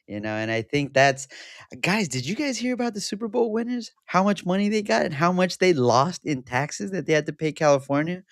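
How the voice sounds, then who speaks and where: A man's voice: high voice, sing-song, brisk, no room sound, clean studio sound. A man co-hosting a podcast, chatting in a laid-back way with chuckles. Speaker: podcast co-host. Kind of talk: casual chat.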